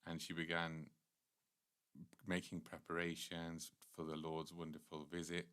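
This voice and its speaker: A man with a deep, low voice leads a devotional class. He earnestly retells scripture stories at length in the unhurried way of a temple teacher. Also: completely flat delivery, fairly bright tone, smooth.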